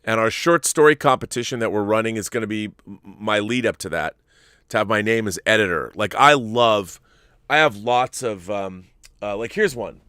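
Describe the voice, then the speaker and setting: A middle-aged man hosting a live stream, reading viewer messages and answering them in a halting, rambling way. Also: on the low side, pushed and bright, clean tone, dry recording, studio quality. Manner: rambling, halting, restarts often. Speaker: host.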